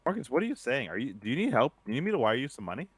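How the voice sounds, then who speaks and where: A man's voice: medium pitch, very animated, racing, slightly rough, dry recording. A man co-hosting a casual podcast, upbeat and teasing as he does the show's plugs and banter. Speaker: podcast co-host.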